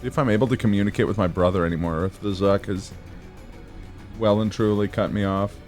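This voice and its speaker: A man's voice: on the low side, fairly even intonation, darkish tone, soft background music. A man co-hosting a live gameplay stream, chatting casually in a playful, joking way. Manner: playful, joking, quick to laugh.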